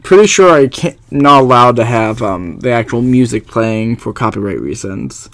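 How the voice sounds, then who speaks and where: A man's voice: medium pitch, lively intonation, normal speed, fairly bright tone. A young man giving casual, rambling and self-deprecating commentary over a video game he plays. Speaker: let's play host.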